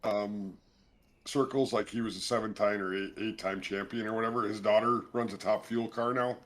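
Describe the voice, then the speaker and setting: A man's voice: lowish voice, steady tone, normal speed, fairly bright tone. A man chatting casually on a game stream, joking and easygoing. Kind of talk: casual chat while gaming.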